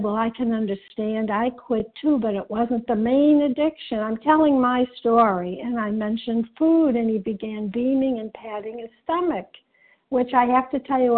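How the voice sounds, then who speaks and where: A woman giving an earnest personal share at a recovery meeting, pausing often with fillers. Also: fairly high pitch. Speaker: meeting member sharing. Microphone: phone conference call. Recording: tinny phone line.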